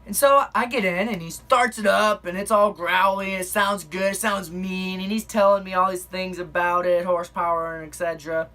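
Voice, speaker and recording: A woman's voice: medium pitch, normal speed, few pauses, fairly bright tone. A young woman telling a personal story in a chatty, rambling way, full of fillers and little laughs. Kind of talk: casual spoken storytelling.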